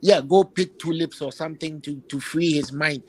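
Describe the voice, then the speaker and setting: A man's voice: on the high side, normal speed, low-quality recording. A man hosting a football chat, giving emphatic opinions and repeating phrases while he searches for words. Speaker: football podcast host.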